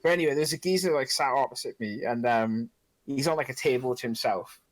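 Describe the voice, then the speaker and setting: A man co-hosting a casual podcast who tells animated, swear-laden stories and acts out the dialogue. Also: mid-range voice, fairly quick, rough recording. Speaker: podcast co-host. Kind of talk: casual chat, storytelling.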